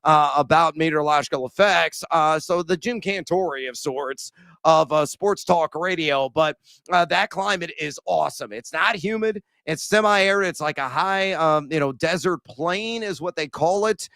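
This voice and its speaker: A male sports betting show host with a bright, somewhat high voice. He rambles through casual banter and jokes, full of "uh" fillers. The studio sound is dry and close. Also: moderate pace, vocal fry, no echo. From Central Illinois. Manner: rambling, jokey, many "uh" fillers.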